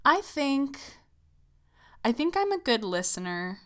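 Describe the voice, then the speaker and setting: A woman's voice: sits high, sing-song, slow pace. A young woman in casual chat with her sister, easygoing and teasing, with plenty of fillers. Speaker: co-host chatting with her sister.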